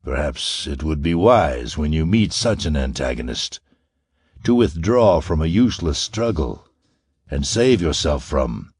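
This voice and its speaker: Villain: man doing a silky, murmuring male scientist, low and threatening, dry close sound. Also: wildly swooping pitch, slightly rough, dry recording, exaggerated voice. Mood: veiled threat. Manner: quiet, slow, silky menace. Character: menacing, soft-spoken mixed-breed male scientist villain.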